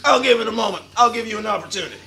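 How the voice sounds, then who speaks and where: Gravelly, high-pitched brash wrestler man. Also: very fast, faint music behind. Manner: boastful, profane, gravelly, bursts into shouting. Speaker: livestream host in a wrestler persona. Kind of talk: brash wrestling promo talk.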